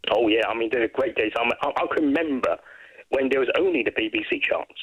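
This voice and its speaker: A man from Brighton, England, a guest chatting casually and rambling through his memories. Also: mid-range voice, fast talker, slightly rough, no echo, narrow, tinny audio. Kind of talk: casual chat.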